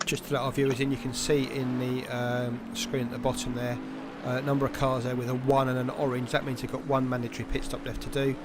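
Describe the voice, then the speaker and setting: A man's voice: medium pitch, little pitch movement, quick pace, very noisy. A man hosting live sim racing commentary, teasing and banterous. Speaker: race commentator and host.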